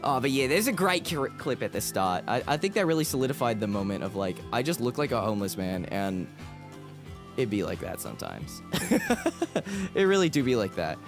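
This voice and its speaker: Very animated and a little fast, a man with a mid-range voice chats on a casual stream with music playing behind him. He rambles, pokes fun at himself, and restarts often.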